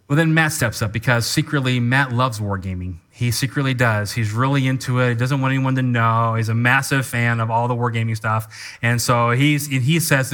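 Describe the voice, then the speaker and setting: A man preaching a sermon as pastor, teaching in an animated way and calling people up to act out an example. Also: medium pitch, a little fast. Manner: animated teaching with live demonstration.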